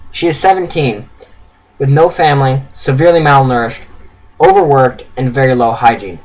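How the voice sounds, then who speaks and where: A man's voice: medium pitch, normal speed, low-quality recording. A man reading his own written story aloud in an earnest way, with stumbles and self-corrections.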